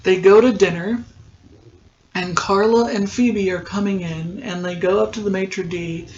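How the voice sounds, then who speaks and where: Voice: mid-range voice, fairly even intonation, unhurried, darkish tone. Chatty podcaster on dull lo-fi audio. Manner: chatty, rambling, frequent ums and likes. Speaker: podcast host. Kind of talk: casual episode recap. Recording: dull lo-fi sound.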